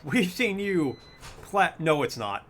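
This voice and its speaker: Young male streamer, casual, self-amused, slightly high voice. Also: big pitch swings, slow pace, a bit bright. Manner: chatty, self-amused, thinks aloud. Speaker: game streamer. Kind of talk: casual let's-play chat.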